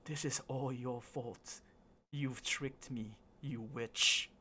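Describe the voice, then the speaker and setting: A man's voice: mid-range voice, fairly even intonation, slow pace, pushed and bright, slight background noise. A man voicing a heartbroken male elf. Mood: bitter.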